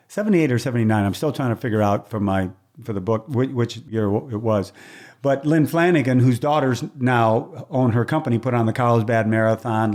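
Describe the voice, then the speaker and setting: An older man, a race announcer as a guest, telling stories from his career in chatty, casual conversation and acting out what people said. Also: mid-range voice. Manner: lively storyteller who acts out quoted dialogue; chatty, with restarts and throat clearing.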